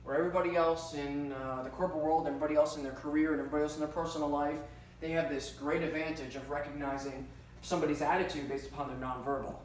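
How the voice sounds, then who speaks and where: A man's voice: a little high, flat delivery, very fast. A man teaching a class for emergency dispatchers, talking casually with lots of fillers and stories. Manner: conversational, uses many fillers and personal anecdotes. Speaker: trainer for 9-1-1 dispatchers. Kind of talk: classroom lecture. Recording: very echoey room, distant mic, faint hiss.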